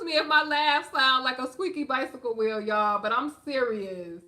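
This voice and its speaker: A woman's voice: sits high, moderate pace, hardly any pauses, pushed and bright. A woman giving sassy, emphatic gossip commentary on a live stream, talking straight to her viewers in a slangy, casual way.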